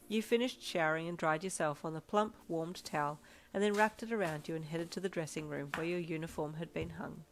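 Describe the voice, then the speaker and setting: A woman reading a second-person fan fiction story aloud in a steady, measured storytelling voice. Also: sits low, vocal fry, a little hiss or hum. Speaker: fanfiction reader.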